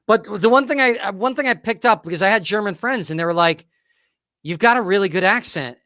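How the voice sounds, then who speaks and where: A man's voice: high-pitched, expressive, fairly quick, pushed and bright, no room sound, clean studio sound. Upbeat male talk show host. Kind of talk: casual chat.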